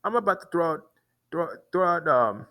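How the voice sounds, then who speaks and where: A man putting on a rude, loud man who shouts crude complaints at a security guard. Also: a little high, expressive, moderate pace, voice pushed up. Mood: yelling, irritated.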